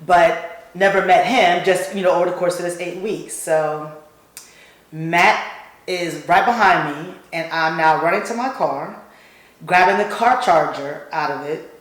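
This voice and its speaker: A middle-aged woman telling a personal story in conversation, animated and acting out the voices of others. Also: fairly low pitch, normal speed. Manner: animated, acts out quoted voices. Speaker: guest speaker. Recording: very echoey room.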